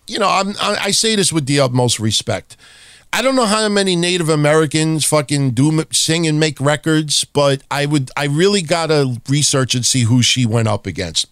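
A man's voice: fairly high pitch, fairly bright tone, no echo, clean studio sound. Blunt, profane male podcast host. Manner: blunt, profane, rapid-fire wrestling talk. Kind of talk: casual chat.

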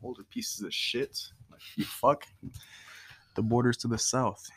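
A man's voice: medium pitch, steady tone, measured pace, slight background noise. A man from Europe, co-host in a casual podcast chat, blunt, profane and joking.

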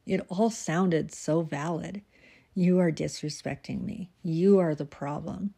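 A woman telling a devotional story in an earnest, soft way, sometimes dropping to near-whispers. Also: sits low, unhurried, gravelly, husky. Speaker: christian devotional speaker. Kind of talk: scripture-based devotional storytelling.

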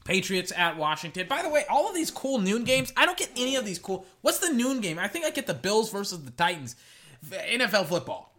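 A young man ranting through his weekend football picks in casual solo commentary, exasperated and jumping up and down in pitch. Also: very animated, a little fast, bright, forceful tone. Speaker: sports podcaster giving picks. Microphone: echoey metal can around the mic.

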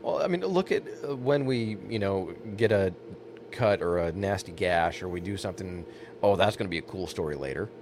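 A man's voice: low voice, expressive, normal speed, a little mellow, slight background noise. A man co-hosting a podcast, chiming in with brief agreeing remarks. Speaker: podcast co-host. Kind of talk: casual podcast chat.

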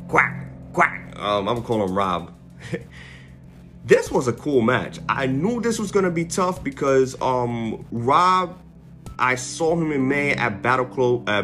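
A man's voice: mid-range voice, fairly bright tone. A man giving a casual, rambling recap, correcting himself often and laughing at his own slips. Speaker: wrestling fan reviewer. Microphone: headphones with mic.

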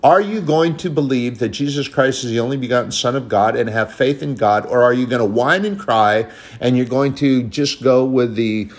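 A man's voice: medium pitch, normal speed, hardly any pauses. A man preaching a sermon, quoting scripture in an old-style cadence and building to emphatic, rising passages.

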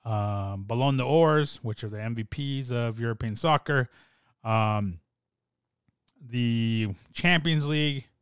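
A young man talking in a rambling, excitable way with many fillers and restarts, as in casual chat. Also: medium pitch, takes it slowly, clear, resonant tone, dry recording, clean studio sound. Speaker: soccer fan podcaster.

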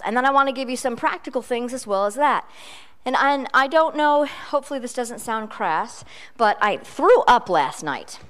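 Middle-aged lady preacher, kinda high voice, tells funny little stories about herself mid-sermon. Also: a bit bright. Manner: chatty, self-deprecating storytelling preacher.

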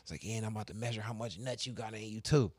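A low-pitched man, recorded close and dry with no room sound. He tells crude stories in casual chat, profane and animated, acting out both sides of each exchange. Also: very fast, husky, no echo. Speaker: podcast co-host telling stories.

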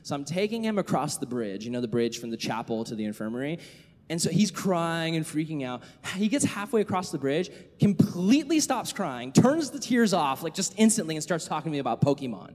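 A young man preaching to a youth group, telling a story with animated delivery and casual filler words. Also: fairly high pitch, brisk. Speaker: youth pastor. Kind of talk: sermon to youth. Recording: echoey hall reverb.

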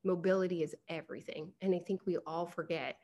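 A woman's voice: lowish voice, steady tone, a little fast, warm tone. A woman, a guest on a podcast, chatting in a rambling way and laughing often. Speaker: podcast guest, hair removal business owner. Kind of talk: casual interview chat.

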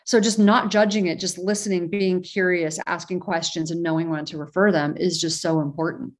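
A woman's voice: lowish voice, steady tone, fairly quick. A woman author as an interview guest, talking earnestly and reflectively, with many fillers and restarts. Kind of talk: casual interview talk.

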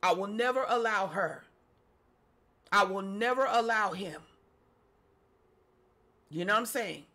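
A preacher voicing a defiant evil spirit of doubt in a sermon, speaking in slow, spiteful refusals. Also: mid-range voice, sharp tone.

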